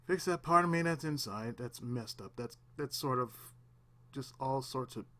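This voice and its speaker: A man hosting his own channel, alone at home, giving a raw, halting confessional monologue on the verge of tears, with pauses, restarts and the odd swear. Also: mid-range voice, fairly bright tone. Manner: halting, repeats himself, long pauses, swears. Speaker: channel host.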